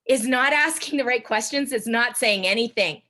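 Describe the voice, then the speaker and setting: A young woman giving a chatty coaching talk to a sales team, with quick asides to her listeners. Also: on the high side, pushed and bright. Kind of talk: casual training talk on a video call.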